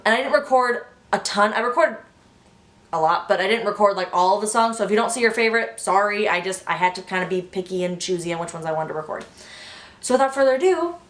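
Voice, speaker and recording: A young woman telling a story in a casual vlog, gushing and excitable, full of "like". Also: mid-range voice. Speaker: vlogger. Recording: echoey room.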